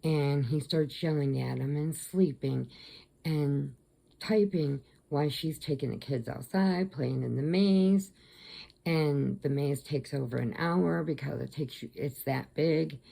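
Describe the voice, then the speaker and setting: A woman with a deep, gravelly voice chats to camera from her crafting room at home. Her dark, mellow tone carries a rambling retelling that is full of restarts. It sounds like a cozy home vlog. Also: a little slow. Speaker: crochet vlogger. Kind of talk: casual storytelling to camera.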